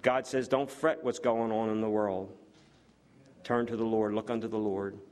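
A man preaching a sermon, earnest and building to excited exclamations, with frequent fillers and restarts. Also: fairly low pitch, moderate pace.

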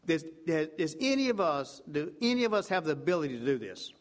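A man preaching a sermon with fervor, repeating "I tell you what" and swinging from loud emphatic peaks to low hushed passages. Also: very animated, brisk.

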